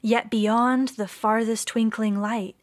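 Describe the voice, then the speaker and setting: A woman reading the part of a wise, ancient female turtle, speaking slowly and gently. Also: a little high, steady tone. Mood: solemn. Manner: slow, gentle and measured.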